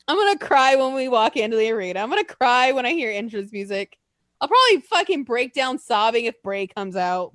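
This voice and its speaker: Casting: excitable woman co-host, high voice with big swings in pitch, dry close sound. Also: no room sound. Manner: swearing, excitable, laughs often, lively and chatty. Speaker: podcast co-host. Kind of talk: casual chat.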